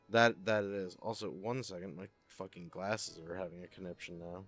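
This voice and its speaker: A man streaming a game live, chatting excitedly and casually with viewers, swearing now and then. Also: low-pitched, normal speed, few pauses, soft background music. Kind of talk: casual gaming livestream chat.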